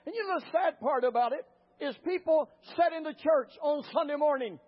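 A man preaching a sermon as a pastor, telling stories with fervor and rising to shouts. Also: very high voice, a little fast. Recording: muffled lo-fi recording.

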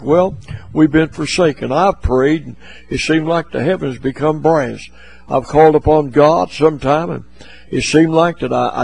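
A man's voice: a little high, creaky, darkish tone, breathy edge, rough recording. A man preaching a sermon in a folksy, plain-spoken way, often repeating his words.

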